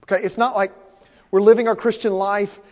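High-voiced man preaching in a reverberant hall. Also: little pitch movement, brisk, a little mellow. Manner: earnest, repeats key points for emphasis. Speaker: pastor. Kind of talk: sermon.

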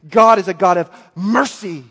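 A man's voice: sits high, moderate pace, slightly rough. Impassioned male preacher in an echoing hall. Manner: swings from soft to yelling. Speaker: pastor. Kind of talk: sermon. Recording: long hall reverb.

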